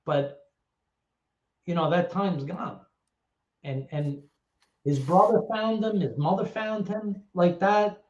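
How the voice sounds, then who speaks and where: A middle-aged man tells a candid story as an interview guest, blunt and swearing, with halting repetitions. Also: sits high, a little mellow. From New York. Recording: roomy, dull lo-fi sound.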